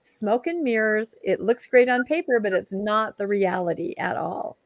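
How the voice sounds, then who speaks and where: A woman taking part in a casual podcast discussion with lively, agreeable remarks. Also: mid-range voice, moderate pace, no room sound. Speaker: podcast co-host.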